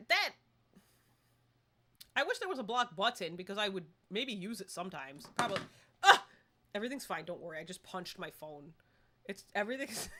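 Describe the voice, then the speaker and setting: A young woman live-streaming a game, chatting casually and excitably and breaking into squeals. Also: medium pitch.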